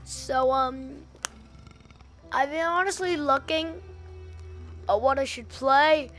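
A young woman chatting while playing a game, excitable and prone to shouting at game events. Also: sits high, takes it slowly. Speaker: gaming YouTuber. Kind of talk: let's play commentary. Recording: game music and sound behind.

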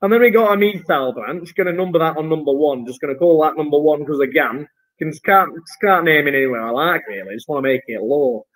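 Playful higher-voiced male chemistry teacher. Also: fairly quick, low-quality recording. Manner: playful, jokey asides while explaining. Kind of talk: online homework review lesson.

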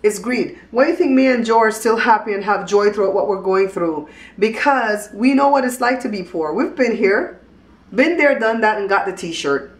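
A woman's voice: medium pitch, animated, normal speed, reverberant. A woman hosting a casual home vlog, outspoken and teasing as she talks to the camera. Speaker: vlog host. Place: at home in a hallway.

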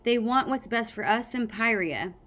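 A woman's voice: on the high side, moderate pace, fairly bright tone, natural voice. A woman voicing a gloomy, bookish young male dragon who lectures like a top student, in a storybook reading. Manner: lecturing, know-it-all.

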